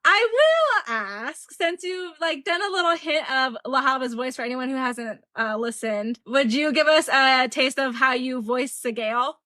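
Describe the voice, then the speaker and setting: High, bright-voiced woman podcast host. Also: moderate pace, few pauses, no echo, studio quality. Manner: eager, enthusiastic questioning. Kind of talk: casual interview chat.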